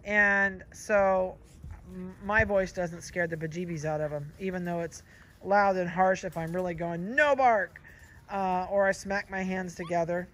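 A man who breeds dogs, giving folksy, chatty advice outdoors in a yard and pausing to comment on the puppies. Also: high-pitched, little pitch movement, low-quality recording. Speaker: dog breeder. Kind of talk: casual outdoor advice talk. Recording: loud wind noise outdoors. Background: wind and puppies playing.

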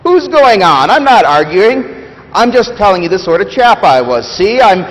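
A man voicing an indignant working-class male ghost who blusters loudly about his rights. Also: sits high, very animated, moderate pace, voice pushed up. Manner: blustering, loud, repeats "see?" and "bloody". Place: church sanctuary. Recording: long church reverb.

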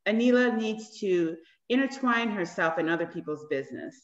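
Woman, casual talk, animated storyteller who mimics others; roomy, muffled room sound. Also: medium pitch, moderate pace. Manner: animated storyteller who acts out quoted dialogue. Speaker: cast member discussing an episode. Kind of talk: casual chat.

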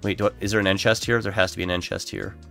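Playing Minecraft on a live stream, a man speaks very fast in a deep, creaky, fairly bright voice with little pitch movement. His allergies make him sound nasal and blocked up as he casually and self-deprecatingly chats with viewers over lo-fi music.

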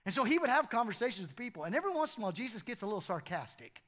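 A man's voice: high voice, sing-song, racing, fairly bright tone. A middle-aged man preaching a sermon in a church, conversational and humorous, often repeating phrases for emphasis. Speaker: pastor. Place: church auditorium.

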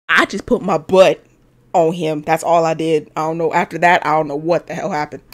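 A woman's voice: sits low, steady tone, brisk. Sassy, swearing young woman gamer. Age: 20s. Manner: playful, sassy and swears freely. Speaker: gaming video host. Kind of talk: casual let's-play commentary.

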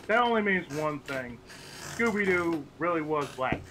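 A man joking around with friends during a game stream, animated and swearing. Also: a little high, moderate pace, noisy background. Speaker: co-player on a stream. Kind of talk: casual game chat.

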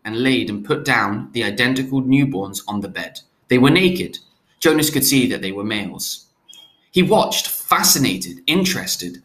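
A man's voice: medium pitch, pushed and bright. A man reading a novel aloud, stopping to restate hard words in simpler terms.

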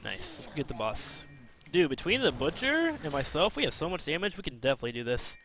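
This is a man's casual, self-mocking gameplay commentary, talkative and flipping between excited outbursts and low mumbles, delivered a little fast.

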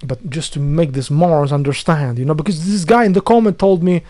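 A man's voice: a little high, brisk, hardly any pauses, warm tone, no room sound. A man delivering an angry ranting monologue to viewers, full of insults, repetition and stumbling restarts. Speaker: video blogger.

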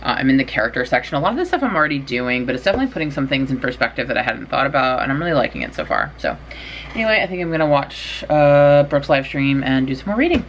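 Casting: young woman, casual home vlogger, low voice, faint room hum, rambling, self-mocking. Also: very animated, fast. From California. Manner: rambling, chatty, self-deprecating. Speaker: writing vlogger. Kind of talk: casual vlog chat. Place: bedroom at home, in doors.

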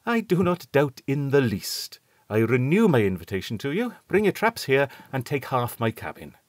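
A man's voice: mid-range voice, big pitch swings, normal speed, dry recording, voice pushed up. A ship's doctor, blunt and superstitious, as put on by a male audiobook reader. He is curt and stubbornly sure of himself, in a voice lifted well above the reader's own. The recording is close and dry. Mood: wry. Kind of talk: dramatic audiobook reading.

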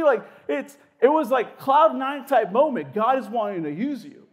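A young male pastor preaching a sermon in a casual, animated way, with lots of "like" fillers and quick asides. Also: very high-pitched, breathy edge.

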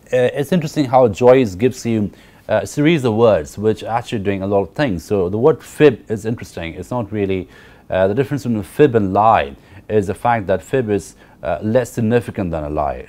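A man's voice: on the low side, a little mellow. A man giving a university literature lecture. He explains at length, repeats key phrases and often checks with the class by asking "right?".

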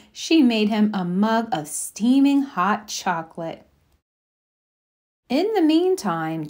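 A woman reading a children's picture book aloud in a slow, expressive, sing-song way. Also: on the high side. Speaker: children's story reader. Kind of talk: storybook read-aloud.

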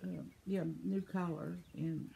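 A woman's voice: on the low side, steady tone, a little slow, creaky, dark tone, dull audio, a little hiss or hum. A woman in her seventies, chatty and laughing often, reading viewer comments aloud in a casual vlog while losing her voice. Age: 70s. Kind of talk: casual chat.

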